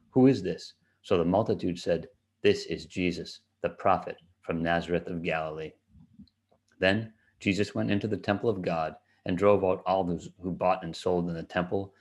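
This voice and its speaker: A man giving a steady, measured reading of scripture aloud. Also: sits low. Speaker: scripture reader.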